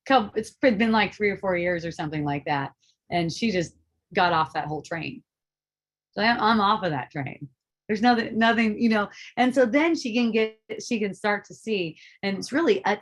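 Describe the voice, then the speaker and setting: A middle-aged woman giving a casual spiritual talk, animated and profane, laughing often as she speaks. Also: medium pitch. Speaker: spiritual teacher.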